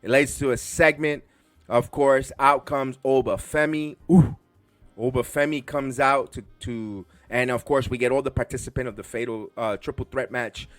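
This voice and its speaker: A man from the Bronx hosting a podcast, reviewing a wrestling show in a rambling, excitable way full of restarts. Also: medium pitch, moderate pace, no room sound, soft background music. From the Bronx, New York. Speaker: podcast host.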